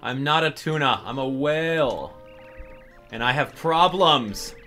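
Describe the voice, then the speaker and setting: A man voicing a big male whale with a bellyache, talking slowly and pleading for help. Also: medium pitch, animated, bright, forceful tone, faint music behind. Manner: slow, pleading and complaining.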